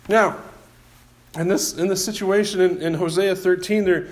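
Folksy guy preaching, kinda high pitched, roomy echo. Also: steady tone, normal speed. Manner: folksy, self-deprecating, repeats words. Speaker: pastor. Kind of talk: sermon.

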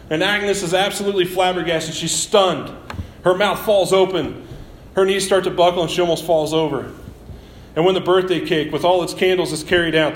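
A man preaching a sermon, telling a story vividly and closing with reflective questions. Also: a little high. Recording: roomy echo, faint noise.

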